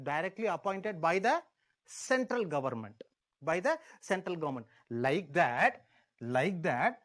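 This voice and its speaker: A man with an Indian English accent giving an exam-prep history lecture, repeating key words and asking the class questions as he teaches. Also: high-pitched.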